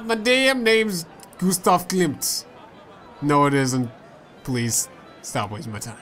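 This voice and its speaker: A man's voice: a little high, fairly bright tone. A man playing a story game, reading its dialogue aloud in a playful way and switching voices for the characters. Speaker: let's play gamer.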